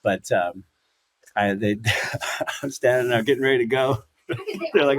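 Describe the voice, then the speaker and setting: A man in his fifties, a guest in a casual interview, telling stories in an animated way, acting out quotes and laughing often. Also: mid-range voice, a little slow, no echo. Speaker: guest, former fighter and commentator.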